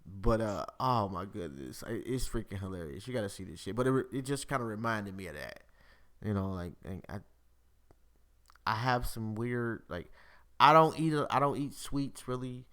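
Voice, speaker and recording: A man's voice: fairly low pitch, moderate pace. A man hosting a live-streamed podcast, chatting casually with lots of swearing and laughter. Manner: profane, animated, laughs often. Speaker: podcast host.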